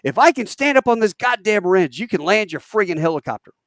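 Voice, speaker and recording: A man acting out a furious young male Marine lieutenant who yells profane orders into a radio under fire. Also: on the high side, animated, quick pace, gravelly, no echo, clean studio sound, voice pushed up. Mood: defiant. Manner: yelling, profane, commanding.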